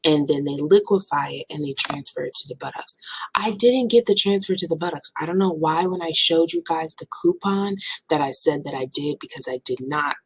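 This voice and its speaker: Husky-voiced dramatic young woman. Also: a little fast, no echo, poor audio. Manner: animated, dramatic, swings into playful high voices for quotes. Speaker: vlogger. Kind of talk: casual storytime chat.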